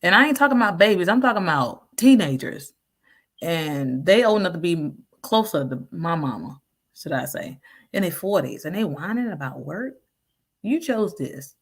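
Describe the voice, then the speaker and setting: A woman talks through viewer comments in a loose, casual chat. Her voice sits low, and her manner is frank and sassy, full of slang and quick laughs. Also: very animated, breathy edge. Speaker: vlogger reading viewer comments.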